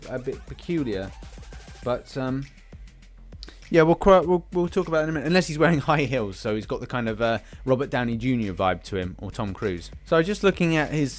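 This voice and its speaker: British male gaming host, mid-pitched, casual and rambling, with light music in the background. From Britain. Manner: rambling, lots of fillers and restarts. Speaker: game channel host. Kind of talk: casual game commentary.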